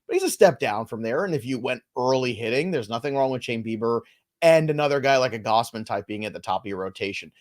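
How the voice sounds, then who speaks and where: A man's voice: mid-range voice, expressive. A man co-hosting a live fantasy baseball stream, chatting casually and joking between player updates. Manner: loose, joking banter with quick asides.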